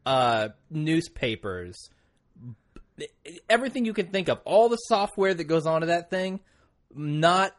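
A man co-hosting a relaxed podcast chat. He teases his partner dryly and laughs easily between points. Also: a little high, measured pace. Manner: wry, teasing, laughs often. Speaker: podcast co-host. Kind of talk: casual podcast banter.

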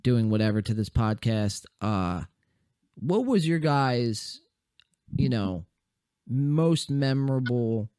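A young man hosts a loose podcast chat, rambling and swearing with plenty of fillers. His voice is wearing thin and hoarse. He sounds close and dry, with no room around him. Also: medium pitch, animated, takes it slowly, warm tone, dry recording. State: losing his voice. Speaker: podcast host.

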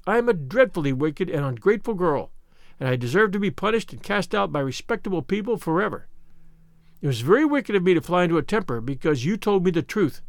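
A man's voice: high voice, no room sound. A man voicing a dramatic, imaginative young orphan girl who talks in a gushing, theatrical way.

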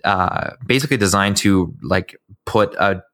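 A man's voice: deep voice, a little slow, fairly bright tone, no room sound, studio quality. A man co-hosting a gaming podcast, chatty with stumbling restarts. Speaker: podcast co-host. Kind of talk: casual gaming podcast chat.

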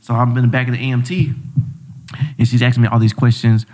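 A man's voice: medium pitch, little pitch movement, quick pace, a little mellow. A young man, a podcast guest, telling a personal story in a loose, slangy way, repeating himself and acting out what people said. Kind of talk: casual storytelling chat.

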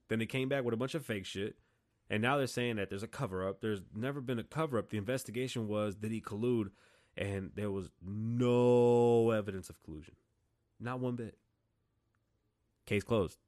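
Blunt cussing podcast guy from vegas, ranting, voice jumps up when he gets heated. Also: mid-range voice. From Las Vegas, Nevada. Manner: blunt and profane, heated bursts. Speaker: podcast host. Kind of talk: opinionated monologue.

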